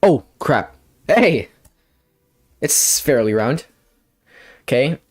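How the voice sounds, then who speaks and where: A young man giving rambling, playful gameplay commentary, with bursts of excitement when things go his way. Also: mid-range voice, extremely slow, breathy edge. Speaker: gamer.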